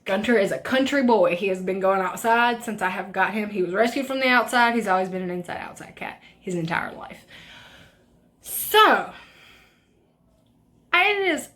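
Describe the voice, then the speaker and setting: A woman's voice: medium pitch, animated, normal speed, a bit bright. A young woman chatting while doing a makeup tutorial, telling a rambling story with lots of swearing. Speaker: beauty vlogger. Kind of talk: casual makeup tutorial chat.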